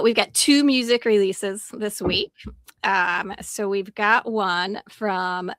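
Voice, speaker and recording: A woman hosting a show, chatting casually with quick asides and easy laughter. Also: medium pitch, fairly bright tone, dry recording. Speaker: host. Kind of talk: casual chat.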